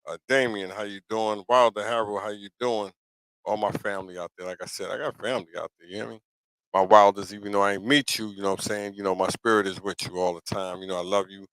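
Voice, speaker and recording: A middle-aged man with a New York accent talks straight to his livestream viewers in a loose, preachy monologue, checking in with "you know what I'm saying?" over and over. His voice sits fairly low. The sound is close and dry, with no room echo. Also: a bit bright. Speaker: live talk show host.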